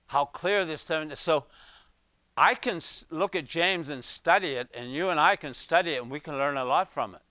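A man's voice: a little high, moderate pace, pushed and bright, no room sound. A man teaching a sermon, going through Bible verses in an earnest, emphatic way and putting questions to his listeners.

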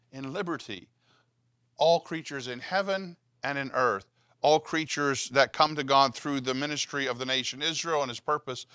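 A man's voice: mid-range voice, sharp tone, no echo, clean studio sound. A man giving a conversational Bible teaching, reading scripture aloud and putting questions to his listeners. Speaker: pastor.

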